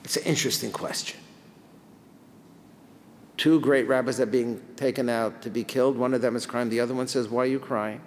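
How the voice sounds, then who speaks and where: Rabbi lecturing in a reverberant hall. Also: male voice, medium pitch, brisk, pauses often, a little hiss or hum. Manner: reads Hebrew and Aramaic text then translates it, lively questions. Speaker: rabbi teaching a class. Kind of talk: Talmud lecture.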